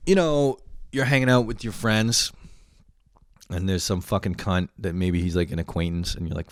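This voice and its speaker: A man's voice: deep voice, animated, quick pace, no echo, clean studio sound. A man in his late twenties hosting a podcast, rambling through a casual, profane and self-mocking monologue. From Canada. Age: late 20s. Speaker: podcast host.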